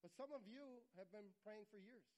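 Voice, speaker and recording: A man preaching a sermon, earnest and repetitive, sometimes dropping to a quiet, intimate tone. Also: high-pitched, normal speed, rough recording. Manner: earnest, repeats phrases for emphasis, drops to quiet intimate tones. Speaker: pastor.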